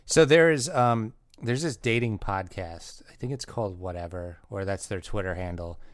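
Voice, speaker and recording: Low-voiced laid-back podcast man. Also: normal speed, no room sound, studio quality. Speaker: podcast co-host. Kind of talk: casual comedic banter.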